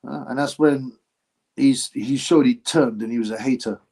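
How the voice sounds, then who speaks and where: A man's voice: medium pitch, normal speed, darkish tone, slight background noise. A man hosting a live stream, giving blunt, mocking commentary on a boxing match and reading out chat comments. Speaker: livestream host reacting to a boxing fight.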